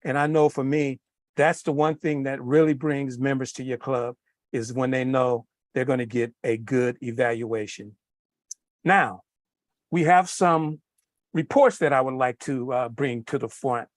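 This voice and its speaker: A man leading an online club meeting as general evaluator, brisk and polite. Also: medium pitch, fairly even intonation, dry recording. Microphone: video call.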